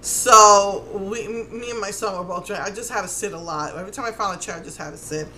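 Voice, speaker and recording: Bright-voiced Puerto Rican New Yorker woman. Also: mid-range voice, quick pace, slight background noise. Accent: New York Puerto Rican. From New York. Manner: animated, exasperated, acts out quotes. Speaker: vlogger. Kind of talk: casual storytelling.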